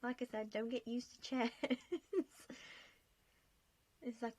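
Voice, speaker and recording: A woman's voice: fairly high pitch, takes it slowly, long pauses, darkish tone, breathy edge. A young woman chatting casually over gameplay, self-mocking and laughing often as she talks through her choices. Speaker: game vlogger.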